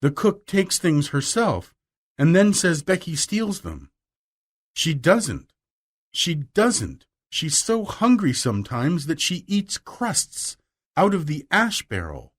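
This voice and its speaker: A man voicing a bold, clever young girl in an audiobook, raising his voice high and speaking with eager emphasis. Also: wildly swooping pitch, slow pace, heavily acted. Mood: upset. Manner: raised pitch, eager and emphatic. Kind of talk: audiobook reading.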